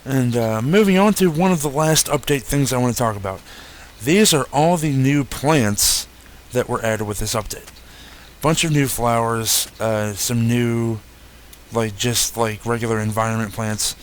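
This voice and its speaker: Easygoing and relaxed, a young man who makes gaming videos talks through a game update, correcting himself along the way and pausing often with filler words. A faint hum is audible, and his voice is of ordinary pitch.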